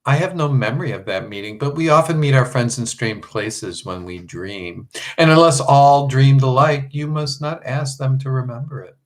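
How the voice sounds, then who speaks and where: A man voicing a soothing, half-mocking enchantress queen in a sweet, quiet, coaxing voice for an audiobook. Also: mid-range voice, normal speed, few pauses, close to an everyday voice. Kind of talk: audiobook character reading.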